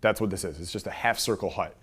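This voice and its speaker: Male seminar speaker, lowish voice, punchy delivery with loud peaks and muttered asides, talking to a room. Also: fast talker, breathy edge. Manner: punchy, rhetorical questions, swings from loud emphasis to quiet asides. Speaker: speaker giving a talk to an audience. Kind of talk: energetic seminar talk. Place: room with a live audience.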